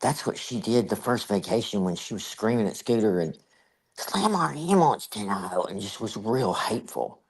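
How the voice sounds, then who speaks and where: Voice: medium pitch, fairly quick, few pauses, a little mellow, slightly rough. A host giving casual, rambling, exasperated reaction commentary on a clip.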